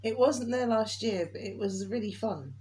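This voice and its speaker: A woman's voice: on the high side, normal speed, darkish tone, a little hiss or hum. A woman vlogger in casual chat, talking and laughing often. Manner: chatty, laughs often, quotes others in raised voice.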